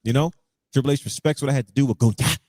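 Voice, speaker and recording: A man's voice: medium pitch, very fast, dark tone, no room sound. A man co-hosting a podcast in casual chat, telling stories animatedly and acting out his own reactions. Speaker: podcast co-host.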